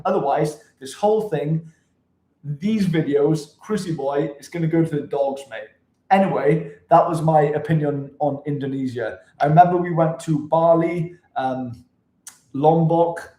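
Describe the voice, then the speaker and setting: Energetic guy in a roomy apartment. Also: fairly high pitch. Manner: energetic, chatty, swears freely. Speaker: travel vlogger. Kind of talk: casual chat to camera. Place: apartment room, indoors.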